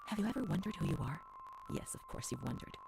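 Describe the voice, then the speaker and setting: A woman voicing a haunted game narrator who reads old asylum records in a hushed voice that often drops to a whisper. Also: mid-range voice, very animated, fast, gravelly. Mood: hushed uneasy. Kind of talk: scripted narration. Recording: game audio with noisy ambience.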